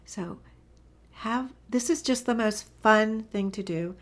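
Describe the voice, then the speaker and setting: In a relaxed spoken lesson on animal communication, a woman tells stories with real enthusiasm, her voice frequently dropping to a breathy whisper. Her pitch sits a little high and she speaks slowly.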